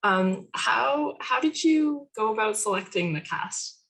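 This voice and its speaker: A woman hosting a film Q&A, asking questions in a warm, encouraging way. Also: a little high, expressive, a little slow, creaky, rough recording. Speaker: interviewer. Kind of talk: Q&A interview.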